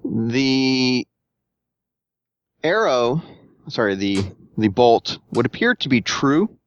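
A man narrating as game master of a tabletop game, halting and searching for words as he describes the scene. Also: mid-range voice, very animated, muffled recording.

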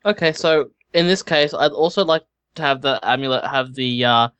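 Male player, joking and wry, dry recording, mid pitch. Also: moderate pace, fairly bright tone, smooth, no room sound, muffled recording. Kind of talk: joking banter at a game table.

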